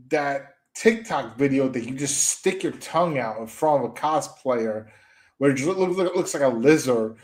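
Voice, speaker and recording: A young man on a commentary stream, his voice sitting high and swooping all over as he rants. He trash-talks in mocking jabs, trips over his own restarts and keeps circling back to the same phrases. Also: darkish tone. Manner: trash-talking, repetitive, stumbling restarts, mocking "moo" noises. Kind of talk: ranting call-out commentary.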